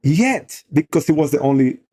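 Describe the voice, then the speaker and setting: A middle-aged outdoor program leader, guesting on a talk show, tells an earnest, emotional story peppered with "you know." His voice runs on the high side with lively intonation, a moderate pace, a dark tone and a slightly rough edge.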